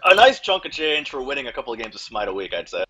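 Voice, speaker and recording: A man's voice: mid-range voice, highs cut off, crowd noise. A man giving play-by-play commentary on a competitive video game match. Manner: rapid, energetic play-by-play calling. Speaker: esports commentator.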